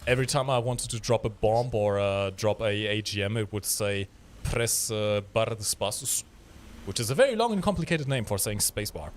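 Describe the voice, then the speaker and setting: A man co-hosting a live gameplay stream, chatting in a lively, teasing way while he plays. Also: on the low side, fast talker, hardly any pauses. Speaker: stream co-host.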